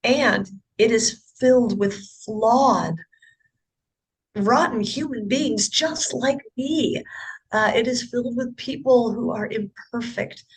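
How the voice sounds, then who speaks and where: A woman's voice: a little high, slow, breathy edge. Earnest woman sharing a faith testimony. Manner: earnest and emotional, with repetitions and restarts. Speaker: interview guest. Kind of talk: personal conversion testimony.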